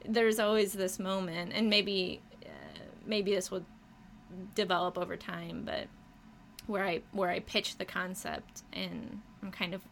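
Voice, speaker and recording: Chatty woman with a creaky voice. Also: mid-range voice, little pitch movement, a little slow, fairly bright tone, slight background noise. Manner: enthusiastic, laughs often, many fillers. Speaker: muralist guest. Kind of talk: casual interview chat.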